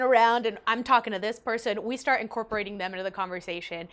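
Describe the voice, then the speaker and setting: A young woman vlogger telling a personal story in an animated, emotional way, with big swings in her voice. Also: on the high side, quick pace. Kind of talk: storytime vlog.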